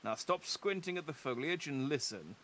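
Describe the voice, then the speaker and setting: Dude putting on a smug rival voice, taunting and theatrical, kinda high. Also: male voice, lively intonation, moderate pace, bright, forceful tone. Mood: gloating. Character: smug, gloating male rival adventurer.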